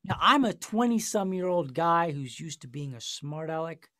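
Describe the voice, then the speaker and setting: A man's voice: on the high side, animated, normal speed, bright, forceful tone, no echo, studio quality. A man hosting a podcast discussion, telling a story in a passionate, sarcastic way. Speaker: podcast host. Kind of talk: casual discussion.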